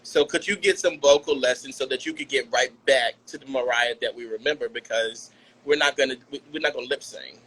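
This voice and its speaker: A man's voice: medium pitch, a little fast, a bit bright, a little hiss or hum, natural voice, poor audio. A man playing a blunt, condescending music mogul who talks down to a pop star. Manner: condescending, cuts to the point.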